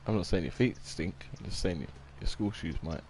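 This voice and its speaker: A man's voice: low-pitched, a little fast, a little mellow, a little hiss or hum. A man, chatting casually on a live game stream, rambling and reading out viewer comments.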